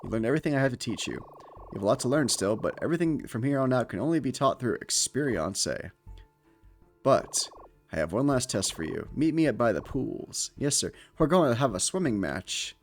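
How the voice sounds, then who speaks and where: A man's voice: medium pitch, big pitch swings, a little fast, faint music behind. A man reading out a game's stern male assassin mentor in a grim, lecturing way.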